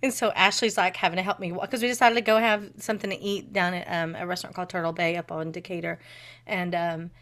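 A woman co-hosting a podcast in casual chat, animated, swearing freely and laughing often. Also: fairly low pitch, fast. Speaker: podcast co-host.

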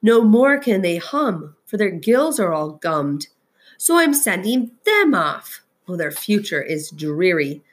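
A woman voicing a small, cranky male forest creature in a storybook reading, scolding and reproachful in a raised, husky voice. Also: fairly low pitch, lively intonation, slow, exaggerated voice. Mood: indignant. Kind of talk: storybook read-aloud.

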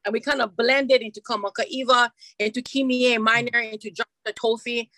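Woman, middle-aged, bright, slightly high, dry close sound, animated storyteller. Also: normal speed, no room sound. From Hawaii. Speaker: radio morning show host, guest. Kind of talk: casual storytelling chat.

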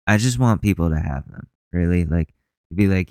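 A man's voice: low-pitched, moderate pace, warm tone, smooth, dry recording, clean studio sound. A man hosting a casual podcast, rambling and swearing with a sarcastic edge. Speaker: podcast host. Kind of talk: casual commentary.

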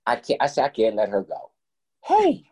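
A man guest telling a story in casual talk, animated and profane, acting out both sides of each conversation. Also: on the low side, fast, slightly rough.

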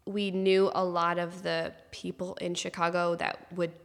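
A woman's voice: on the low side, level tone, unhurried, gravelly, big-room sound. A woman from Northern Maine chatting casually and candidly, laughing often and swearing freely. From Northern Maine, USA. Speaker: guest. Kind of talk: casual chat.

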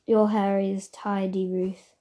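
A woman reading aloud, voicing a kind older girl who gently looks after the younger children. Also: medium pitch, flat delivery, slow, natural voice. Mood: gentle.

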